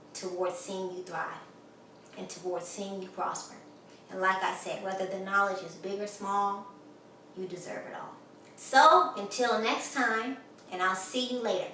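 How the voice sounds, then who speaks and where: A woman's voice: medium pitch, pushed and bright, far from the mic, slight background noise. A woman giving an online grammar lesson, emphatic and enthusiastic, speaking straight to the viewer. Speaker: grammar teacher. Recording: echoey room, voice from off-mic.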